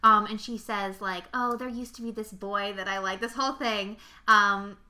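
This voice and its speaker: Bright-voiced woman chatting about a film. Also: mid-range voice, normal speed. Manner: animated retelling with lots of fillers and acted quotes. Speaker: podcast co-host. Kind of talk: casual film chat.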